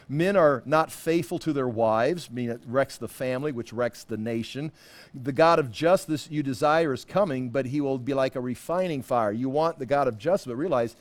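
A man in his sixties teaching a Bible study class in a loose, conversational way, full of asides and self-corrections. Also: medium pitch. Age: 60s.

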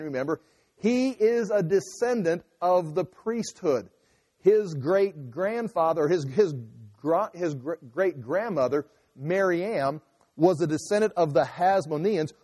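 A male pastor teaches through a passage in a loose, conversational sermon, full of restarts and asides. His voice sits a little high but sounds mellow and dark. The sound rings with long reverb through a large hall. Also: breathy edge. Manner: conversational, restarts and asides while explaining scripture. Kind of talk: expository sermon.

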